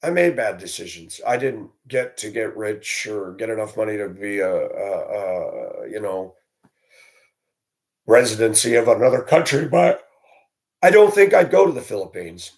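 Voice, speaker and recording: A man's voice: on the low side, lively intonation, a little slow, gravelly. A man vlogging alone, speaking in a blunt, indignant, ranting way. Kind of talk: solo opinion monologue.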